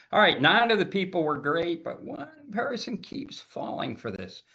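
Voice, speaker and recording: Emphatic man, dull lo-fi podcast audio. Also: fairly low pitch. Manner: animated, emphatic, often repeats words as he talks. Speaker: cybersecurity consultant guest. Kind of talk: casual podcast interview.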